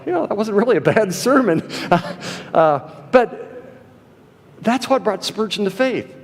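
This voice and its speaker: A man preaching in an echoing chapel. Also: high voice. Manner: conversational, with frequent ums and uhs; reads quotations aloud with emphasis. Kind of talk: sermon.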